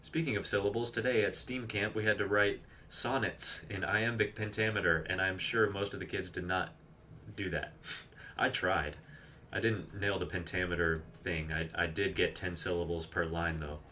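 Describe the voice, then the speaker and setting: A man's voice: low-pitched, fairly even intonation, normal speed, bright, forceful tone, a little hiss or hum. A man streaming a game live, chatting casually, rambling off on tangents and reading viewer messages aloud. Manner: chatty, rambling, reads chat aloud and explains game tricks. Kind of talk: casual live gameplay commentary.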